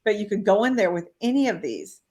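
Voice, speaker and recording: A middle-aged woman, a life coach and author, telling stories as an interview guest, often acting out quoted voices and saying "you know" a lot. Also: brisk. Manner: animated, acts out quoted voices with big pitch jumps; many fillers like "you know". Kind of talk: casual interview storytelling.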